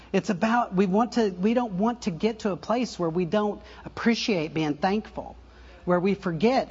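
An older man preaching a conversational sermon, full of asides and self-corrections and soft laughs at his own stories. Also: high voice, husky, dull audio. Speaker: pastor.

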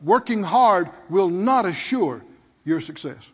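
Male pastor, husky and high-pitched, preaching in a roomy hall with dull sound. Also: lively intonation, takes it slowly. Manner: preaching with call-and-response rhetorical questions. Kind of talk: sermon.

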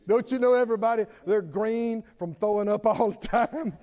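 A man preaching a sermon, retelling a story dramatically with laughs and shouted exhortations. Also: high-pitched, moderate pace, few pauses. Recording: dull sound with long hall reverb.

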